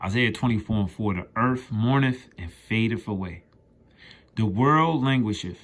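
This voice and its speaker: A man teaching scripture in an informal, emphatic way, reading verses aloud and riffing on them in rough, profane slang. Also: on the low side, animated, normal speed, a bit bright. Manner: reads scripture aloud then riffs on it. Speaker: street preacher.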